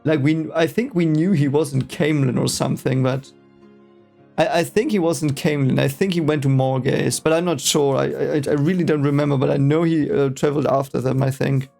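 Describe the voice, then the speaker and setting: A man's voice: on the high side, steady tone, fairly quick, vocal fry, a little mellow, soft background music. A man whose first language is German, casually reading a book aloud for the first time and reacting with rambling, hesitant, exasperated asides.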